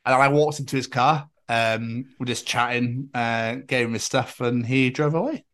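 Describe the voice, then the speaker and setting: A man's voice: mid-range voice, moderate pace, a bit bright. A man co-hosting a podcast, telling a long story in casual chat and acting out what people said. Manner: chatty storyteller, acts out quotes. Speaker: podcast co-host.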